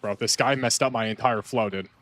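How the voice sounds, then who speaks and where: A man's voice: mid-range voice, fairly quick, fairly bright tone, no room sound. A young man giving casual gameplay commentary, slangy and prone to exasperated outbursts between muttered asides. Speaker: gamer.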